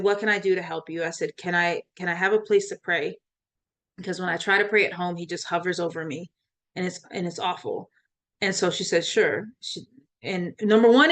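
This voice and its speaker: A woman's voice: on the low side, a bit bright. A woman, a life coach, telling a personal faith story in an interview, laughing often and acting out quoted voices.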